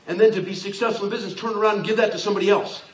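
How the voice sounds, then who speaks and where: A man in his sixties, his voice sitting high with fairly even intonation, talks very fast as he gives a blunt, joking motivational business talk and acts out the voices he quotes. He's in a large hall before an audience, recorded far from the mic with lots of echo.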